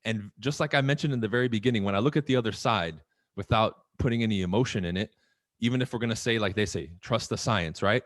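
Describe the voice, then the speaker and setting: A man talking in a casual podcast chat, animated and profane, firing off rhetorical questions. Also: lowish voice, fast talker, dry recording. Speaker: podcast guest.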